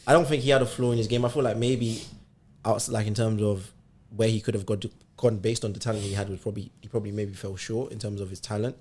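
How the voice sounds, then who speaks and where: A man co-hosting a sports podcast, talking easily and thinking aloud with pauses in casual chat. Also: lowish voice, fairly even intonation, a little mellow. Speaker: podcast co-host.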